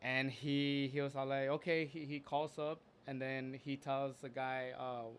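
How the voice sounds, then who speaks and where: In a smooth, medium-pitched voice with little pitch movement, a man shares a personal story in a casual, earnest, open way. His delivery is halting, full of fillers and sentences he breaks off and begins again.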